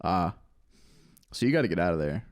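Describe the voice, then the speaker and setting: A man's voice: low voice, very animated, a little fast, dry recording, studio quality. A young man co-hosting a casual podcast, laid-back, mostly giving short replies. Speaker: podcast co-host. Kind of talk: casual chat.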